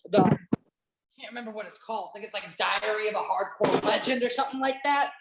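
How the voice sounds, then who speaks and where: A woman's voice: medium pitch, quick pace, creaky, heavy background noise. Woman podcast host, rambly, lots of ums, swears casually, echoey room. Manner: rambling, many fillers and restarts, casual swearing. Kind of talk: casual chat, watch-along podcast. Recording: roomy echo.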